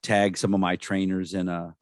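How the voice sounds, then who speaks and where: A man with a very deep voice hosts a podcast in a loose, easygoing way, pausing on fillers as he talks. The recording is dry and close. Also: no room sound. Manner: relaxed, rambling, many "uh" and "um" fillers. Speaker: podcast co-host. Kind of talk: casual chat.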